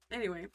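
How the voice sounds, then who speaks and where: Bright-voiced woman ranting over gameplay. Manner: rambling, heated ranting with many fillers and restarts. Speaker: gaming channel host. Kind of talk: casual gameplay commentary.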